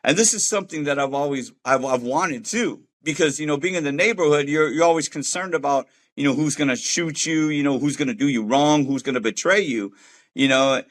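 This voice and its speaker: A man's voice: fairly high pitch, a little fast, fairly bright tone. A man giving an earnest, heartfelt personal faith testimony about leaving gang life, speaking casually with street slang. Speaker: former gang member sharing a faith testimony.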